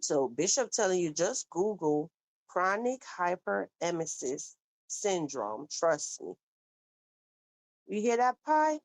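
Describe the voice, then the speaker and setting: A woman hosts a casual livestream, reading comments from chat in a chatty, animated way and calling viewers baby. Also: on the low side, takes it slowly, dry recording, poor audio.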